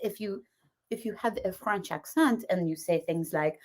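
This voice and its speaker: A woman's voice: on the low side, normal speed. A woman co-hosting a live show, telling stories in casual chat and laughing often. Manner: animated storyteller, laughs often. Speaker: podcast co-host.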